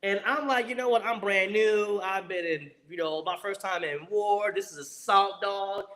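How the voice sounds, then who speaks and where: American ex-marine guy telling war stories, high voice, cusses a lot, does voices for the people in it. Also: moderate pace. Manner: lively, profane, acts out the people he quotes. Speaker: guest, former Marine rifleman. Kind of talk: animated war storytelling.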